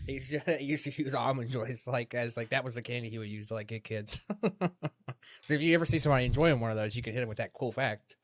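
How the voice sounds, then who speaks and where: A man's voice: mid-range voice, fast talker. A young man on a casual podcast, bluntly dismissing foods and cracking jokes. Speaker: podcast co-host. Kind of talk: casual chat.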